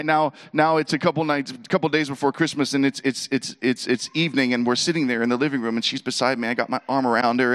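A middle-aged man telling a humorous personal story to an audience, acting out the voices and laughing as he goes. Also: medium pitch. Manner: animated, acts out quoted voices, laughs between lines.

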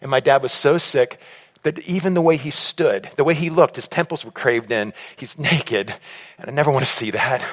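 A man telling a personal story to an audience on stage in an animated way, acting out scenes and often stammering and repeating words. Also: medium pitch, normal speed. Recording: long hall reverb.

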